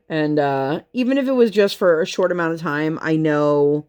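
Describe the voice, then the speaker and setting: Woman, thirties, low-pitched, chatty crafting-vlog storyteller. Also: sing-song, moderate pace, hardly any pauses, a little mellow. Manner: chatty storytelling with fillers and laughs. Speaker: crafting vlogger. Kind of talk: casual chat while crafting.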